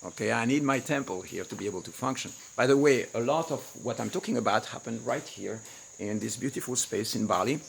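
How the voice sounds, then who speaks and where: Gravelly-voiced man teaching a webinar. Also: mid-range voice, fairly quick, a little hiss or hum. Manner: acts out quoted lines with big swings in volume. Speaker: webinar host and relationship coach. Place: home studio in rice fields, outdoors nearby.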